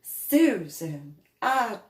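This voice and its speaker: Woman putting on a prissy sister-in-law, higher voice, slow and drawn out, echoey room. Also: sing-song, darkish tone. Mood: affected.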